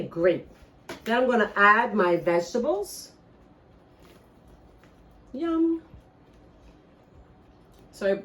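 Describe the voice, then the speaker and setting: A woman's voice: mid-range voice, recorded from a distance, a little hiss or hum, poor audio. A middle-aged woman with a Bahamian accent, hosting a casual cooking video and chatting straight to her viewers. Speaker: cooking show host. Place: home kitchen. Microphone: phone camera.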